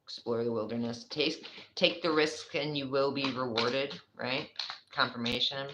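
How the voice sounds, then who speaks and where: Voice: mid-range voice, fairly even intonation, unhurried, a bit bright, slight background noise, rough recording. A speaker with a New York accent giving a casual, rambling tarot reading, chatty and swearing freely. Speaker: tarot reader.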